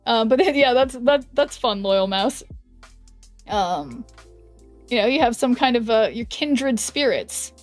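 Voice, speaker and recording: Chatty young woman streamer, higher voice. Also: lively intonation, slow, soft background music. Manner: chatty and rambling, many fillers and self-corrections. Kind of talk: casual chat while gaming, reading chat aloud.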